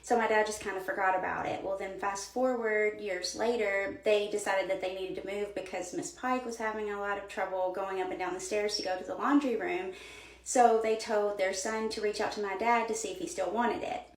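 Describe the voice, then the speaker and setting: A woman's voice: medium pitch, steady tone, brisk. A woman, telling stories casually into her phone at home, rambling with lots of fillers. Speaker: vlogger. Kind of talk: casual storytelling.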